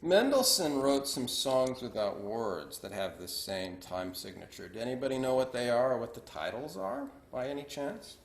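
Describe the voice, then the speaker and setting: A man's voice: medium pitch, sing-song, normal speed, vocal fry, hardly any pauses, echoey room. Man counting beats as piano teacher. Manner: counts beats aloud, asks students questions. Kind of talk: online music lesson. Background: piano playing.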